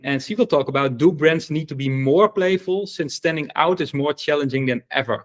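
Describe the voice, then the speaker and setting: A man's voice: fairly high pitch, a bit bright. A man hosting an online event, introducing speakers enthusiastically with many fillers. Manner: enthusiastic, filler-heavy, stumbles over names. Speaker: event host.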